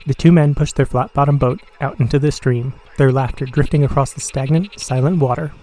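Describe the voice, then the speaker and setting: Mellow man narrating horror. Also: mid-range voice, fairly even intonation, rough recording. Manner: measured, dramatic pauses. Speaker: audio comic reader.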